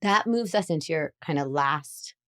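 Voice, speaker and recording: Animated woman with a lowish voice. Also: normal speed, dry recording, clean studio sound. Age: adult parent. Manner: animated explainer who acts out playful lines. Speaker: psychologist guest. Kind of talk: podcast interview, explaining parenting.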